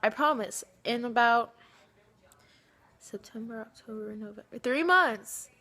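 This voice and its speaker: A woman vlogging casually to the camera, talking straight to her friends in an animated, dramatic way, pleading one moment and teasing the next. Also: on the high side, measured pace. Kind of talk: casual direct-to-camera vlog addressed to friends.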